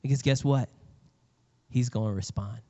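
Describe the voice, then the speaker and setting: A man's voice: mid-range voice, moderate pace, dark tone. A male pastor preaching a sermon in an earnest, conversational way. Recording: reverberant hall, slightly dull sound.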